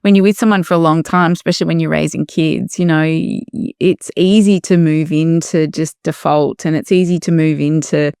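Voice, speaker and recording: Brief: thoughtful female host in her forties, a little low, dry sound. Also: steady tone, normal speed, dark tone, smooth, no echo. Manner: reflective, thoughtful. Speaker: podcast host. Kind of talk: casual conversation.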